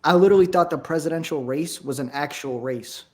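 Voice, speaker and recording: A man's voice: on the high side, brisk. A young man in casual chat with friends, swearing and laughing through his stories.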